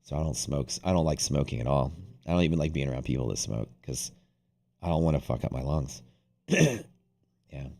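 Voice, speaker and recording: Very deep-voiced man chatting on a stream. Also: lively intonation, a little fast, creaky, pauses often, dark tone. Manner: rambling, profane, with many restarts. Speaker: day trading livestream host. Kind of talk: casual livestream chat.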